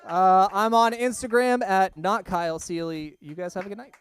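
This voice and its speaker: A man's voice: high voice, fairly even intonation, normal speed, slight background noise. A young man doing an open-mic stand-up set in a small comedy club, rambling and self-deprecating, often laughing at his own jokes.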